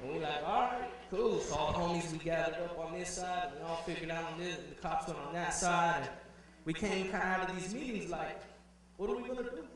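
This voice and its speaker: Young guy telling his story at a conference, kinda high voice, lively, big echoey hall from far off. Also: a little fast, a crowd in the background. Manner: animated, acts out quoted voices. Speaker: conference speaker. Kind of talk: personal storytelling speech.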